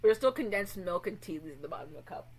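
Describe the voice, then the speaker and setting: A woman streamer chatting casually with her viewers, animated and swearing a lot. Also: on the low side, fast talker, noisy background.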